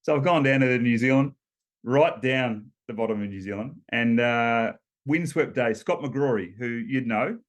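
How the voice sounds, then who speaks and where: An Australian man in his fifties, a former rower, telling stories as a guest in a relaxed interview, laughing between points and restarting often. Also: mid-range voice, moderate pace. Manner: chatty storyteller, laughs between points, many ums and restarts. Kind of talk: casual storytelling interview.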